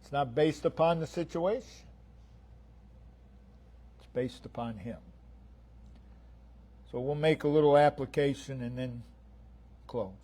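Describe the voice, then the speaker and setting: A man preaching a sermon, emphatic and repetitive, swinging between loud declarations and hushed lines. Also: medium pitch, a little slow, pauses often. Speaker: pastor.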